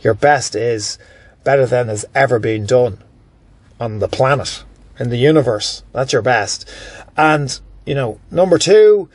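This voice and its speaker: A man's voice: mid-range voice, animated, unhurried, husky, no room sound. Blunt, emphatic man hosting a podcast. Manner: emphatic, blunt, self-correcting. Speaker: podcast host. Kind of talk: solo motivational podcast monologue.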